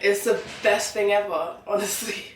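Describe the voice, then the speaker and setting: A young woman talks to her handheld camera in a casual vlog, playful and quick to giggle. Her pitch sits in an ordinary middle range, and clear music plays behind her the whole time. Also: steady tone. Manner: playful, giggly, self-amused. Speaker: lifestyle vlogger. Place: city garden and indoors. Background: music playing.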